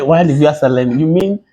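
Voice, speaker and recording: A man's voice: on the high side, quick pace, warm tone. A man hosting a talk show, curious and prone to stammering restarts as he questions his guest. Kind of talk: interviewing a guest.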